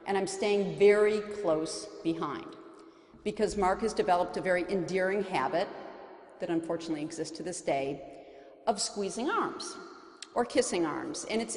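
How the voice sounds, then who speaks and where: A woman's voice: mid-range voice, darkish tone. A woman in her forties telling a personal story to an audience, earnest and heartfelt, with emphatic lifts. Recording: echoey hall recording.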